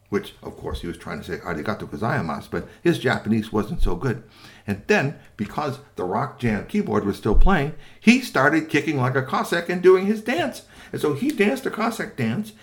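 A man narrating a children's tale in a sing-song way, often asking the listener questions. His voice rises and falls widely, sinking soft at gentle moments. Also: mid-range voice. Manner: animated, sing-song, with many asides to listeners. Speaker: storyteller.

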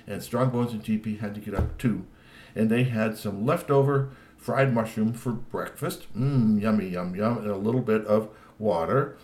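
Give me a low-voiced man telling a children's story with lots of voices. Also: slight background noise. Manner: lively with many put-on voices.

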